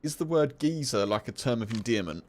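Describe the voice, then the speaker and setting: A man's voice: mid-range voice, lively intonation, brisk, slight background noise. A British man chatting casually with viewers on a game livestream, explaining slang. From United Kingdom. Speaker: streamer.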